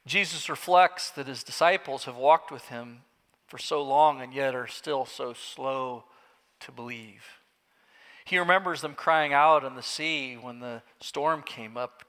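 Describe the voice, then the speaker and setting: A man's voice: medium pitch, a bit bright. A man preaching, telling the story vividly and emphatically, with his voice swelling at the climaxes. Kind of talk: dramatic sermon storytelling. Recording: echoey hall.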